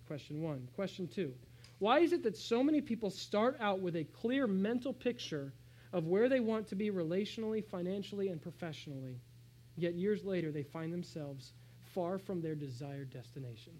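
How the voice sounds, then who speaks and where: High-voiced man preaching a sermon. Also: lively intonation, normal speed, rough recording. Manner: dynamic preaching, swings between hushed and raised. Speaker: pastor.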